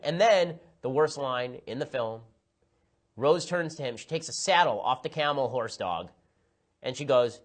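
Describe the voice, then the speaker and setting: Brief: male commentator, quick sarcastic rant, exasperated asides, mid-pitched voice. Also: lively intonation. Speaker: political commentator. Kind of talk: rapid opinionated film review.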